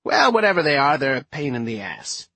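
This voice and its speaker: A man's voice: medium pitch, big pitch swings, a little fast, sharp tone, slightly rough, dry recording, pitched above the performer's own voice, heavily acted. A man voicing a feisty, blunt old woman witch in an audiobook, scornful and bossy. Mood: gruff, scornful.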